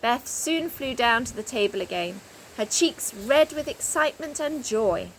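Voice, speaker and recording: A woman reading a children's storybook aloud with an expressive delivery. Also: on the high side, a little slow, slight background noise, rough recording. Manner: expressive, animated. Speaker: reader.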